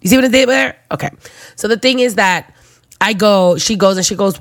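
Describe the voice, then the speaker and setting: Lively young woman telling a story. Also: medium pitch, brisk, no echo, clean studio sound. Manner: animated, acts out other people's voices, slangy. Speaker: new mother. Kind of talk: casual storytelling.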